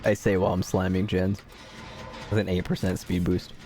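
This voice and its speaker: A man's voice: deep voice, flat delivery, moderate pace, noisy background. A man streaming a video game, giving live commentary in a joking, mock-dramatic way and talking to the characters on screen.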